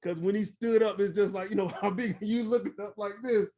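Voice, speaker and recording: With a high voice and a slightly fast delivery, a middle-aged former army first sergeant shares stories during a casual interview. He's animated, laughs a lot, and fills his speech with fillers.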